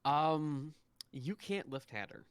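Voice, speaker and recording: A man narrating a tabletop game as game master, hesitant with many pauses and restarts. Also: a little high, clear, resonant tone, no room sound.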